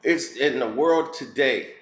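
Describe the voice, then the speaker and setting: A man's voice: mid-range voice, takes it slowly, a bit bright. A man giving a blunt, heated and preachy opinion rant as a commentary vlogger. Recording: roomy echo.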